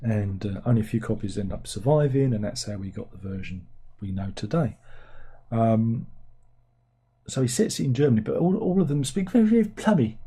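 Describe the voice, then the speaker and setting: A man's voice: medium pitch, lively intonation, fairly quick, mellow, slightly rough. A man giving a casual film review, blunt and sarcastic, rambling from one aside to the next.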